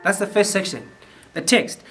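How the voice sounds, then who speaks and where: Explaining phrasing to his choir over piano, this conductor occasionally sings lines as examples. He speaks at a moderate pace in a high voice with lively intonation, full of fillers, restarts, and words repeated as he thinks.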